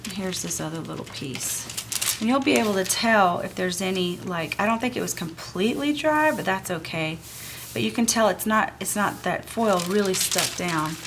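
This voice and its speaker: A woman's voice: mid-range voice, animated, normal speed, background noise. A woman, sniffly, chattily teaching an art journaling craft technique while she works at home. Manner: chatty and gushing, talks while working. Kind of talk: casual craft tutorial.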